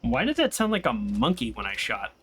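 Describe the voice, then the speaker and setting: Bright-voiced man rambling through a gameplay session. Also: mid-range voice, huge pitch swings, fairly quick, husky. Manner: rambling and chatty, tells stories while playing. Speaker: gaming channel host. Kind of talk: casual let's-play commentary.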